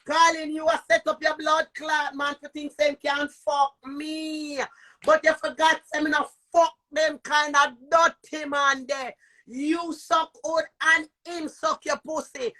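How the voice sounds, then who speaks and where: Loud cursing Jamaican woman, bright and high. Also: level tone, unhurried. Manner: cursing, shouting, repetitive taunts. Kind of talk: heated live-stream rant. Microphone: phone.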